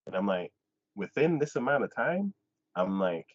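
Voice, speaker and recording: A man hosts a casual anime talk, recapping an episode with a very lively, swooping voice. He jumps up into the characters' lines as he acts them out. The sound is dry and dull, like a lo-fi recording. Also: fairly low pitch, normal speed, no room sound. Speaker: anime podcast host.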